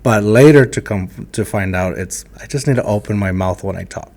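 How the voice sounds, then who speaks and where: A man hosting a podcast, chatting in a relaxed, candid and self-deprecating way. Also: on the low side, fairly quick. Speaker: podcast host. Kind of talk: casual conversation.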